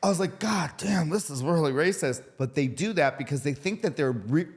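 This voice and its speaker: A man talking as a podcast guest, telling stories in an animated, profane way. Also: a little high, moderate pace. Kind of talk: casual podcast conversation.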